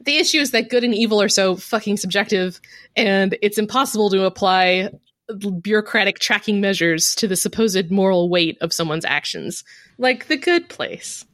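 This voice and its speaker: A young adult woman co-hosting a podcast, chatting casually, blunt and animated, swearing freely. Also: medium pitch, moderate pace, dry recording. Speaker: podcast co-host.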